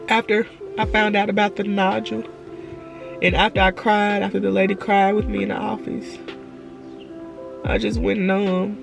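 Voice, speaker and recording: Crying as she records a personal vlog at home, this woman talks in a creaky, mid-range voice. Her emotional speech keeps looping and stumbling, starting over in rambling bursts.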